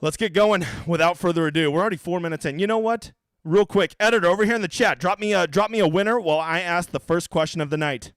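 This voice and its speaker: A man's voice: sits high, fast, fairly bright tone, clear, resonant tone, no echo. A man hosting a fantasy golf livestream in a casual, brash and profane joking manner.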